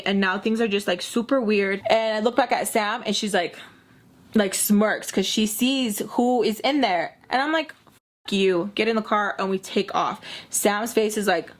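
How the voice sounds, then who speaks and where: A young woman tells a casual storytime in a mid-pitched voice, blunt and heated, with plenty of swearing. She slips into other people's lines as she goes, jumping between her own narration and their voices. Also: normal speed. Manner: blunt and profane, heated venting; acts out quoted dialogue in shifting voices. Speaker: storytime vlogger.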